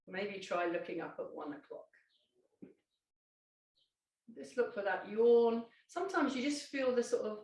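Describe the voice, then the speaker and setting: A woman, a Pilates instructor gently guiding a seated exercise, with calm instructions and small self-corrections. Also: mid-range voice, recorded from a distance. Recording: echoey room, voice off-mic.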